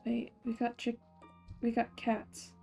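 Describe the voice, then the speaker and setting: Brief: young woman streamer faking a Scottish accent, higher voice, unhurried and giggly, faint game music behind. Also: completely flat delivery, gravelly, warm tone. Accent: put-on Scottish accent. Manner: giggly, chatty, muttering to herself while playing. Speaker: streamer playing a farming game. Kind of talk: casual gameplay chat.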